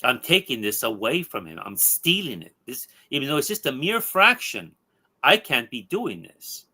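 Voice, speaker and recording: Bitter ghost hero, once a circus star, self-pitying, read out by a man; lively, bright delivery. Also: mid-range voice, moderate pace, slightly rough, heavily acted. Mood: indignant. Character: bitter dead male circus performer turned ghost hero. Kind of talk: read-aloud comic dialogue.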